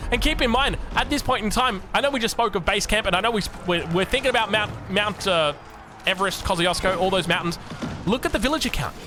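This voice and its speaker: An excitable Australian man commentating a strategy game, chatty and jokey, sometimes breaking into shouts. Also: high-pitched. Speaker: game caster.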